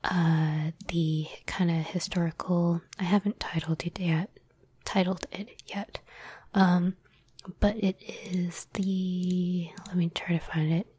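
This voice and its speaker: A woman who hosts and writes her podcast whispers slowly and breathily, her lowish voice dark and fairly flat in pitch, with no echo. The chat is hesitant and self-deprecating, peppered with fillers.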